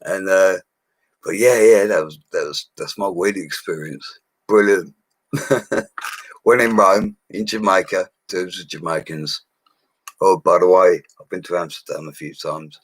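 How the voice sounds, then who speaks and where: An Englishman in his forties chats on a live stream in a rambling, slangy way. His voice sits very low. It is recorded close and dry on a mic. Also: measured pace, no echo, low-quality recording. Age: 40s. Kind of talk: casual live-stream chat.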